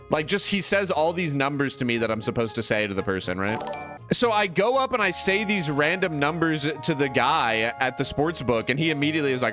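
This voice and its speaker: A young man streamer telling a long funny story in casual chat, animated and full of "like" fillers, acting out the people in it. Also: medium pitch, quick pace, music in the background. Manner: animated, many "like" fillers, acts out other voices.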